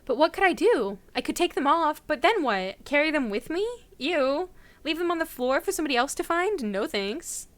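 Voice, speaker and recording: A woman's voice: high voice, sing-song, normal speed. A woman voicing a frightened little schoolgirl who whimpers and pleads as she searches for her brother. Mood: distressed.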